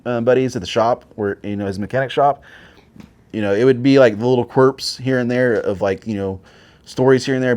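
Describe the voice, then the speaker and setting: A man in his forties with a mid-range, slightly mellow voice shares his story as a Marine veteran guest. He keeps things relaxed, rambling with frequent swearing and plenty of fillers.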